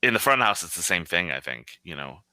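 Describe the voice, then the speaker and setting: Deep, bright-toned man talking kitchens. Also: sing-song, fairly quick, no echo. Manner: profane, blunt, rambling. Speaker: line cook. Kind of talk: casual podcast chat.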